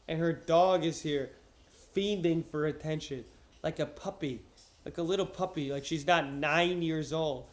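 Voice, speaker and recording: A young man streaming from his couch, joking loudly and swearing as he chats with viewers and reads aloud. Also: on the high side, echoey room. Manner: loud, profane, joking. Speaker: streamer reading to chat. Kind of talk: casual livestream chat and reading aloud. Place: home, on a couch. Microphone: wearing headphones.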